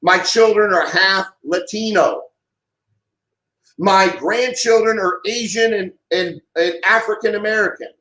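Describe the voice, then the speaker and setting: A man's voice: high voice, unhurried, bright, forceful tone, reverberant, rough recording. A middle-aged man delivering an impassioned monologue, heated and emphatic, often repeating himself. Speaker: vlogger giving a political rant.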